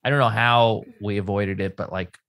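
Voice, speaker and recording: A man's voice: lowish voice, steady tone, normal speed, a bit bright. Casual man telling a story on a podcast. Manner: conversational, quotes people in a play-by-play retelling. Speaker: podcast co-host.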